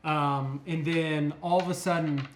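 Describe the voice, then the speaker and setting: Slow, halting young man as game master. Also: on the high side, steady tone, a little hiss or hum. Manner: halting, many fillers and restarts. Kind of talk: narrating a tabletop game.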